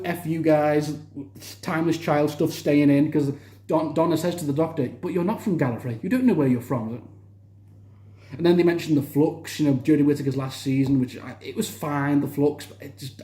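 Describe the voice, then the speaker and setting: A man's voice: on the high side, warm tone, reverberant. A young man casually reviewing a TV series, enthusiastic and rambling, with frequent restarts. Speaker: TV review vlogger.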